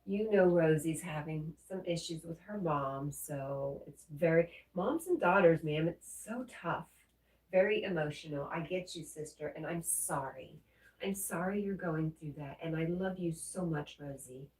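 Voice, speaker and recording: A woman hosting a livestream, reading viewers' messages aloud and answering them in a gentle, comforting way. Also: deep voice, a little slow. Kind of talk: casual livestream chat. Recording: roomy echo, mic at a distance.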